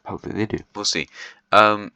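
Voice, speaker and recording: This man talks fast in a lowish, steady voice that is sharp, clear and resonant, rambling casually over a video series with plenty of ums and restarts. He's chatty and half-joking, laughing briefly, on a dry, rough recording.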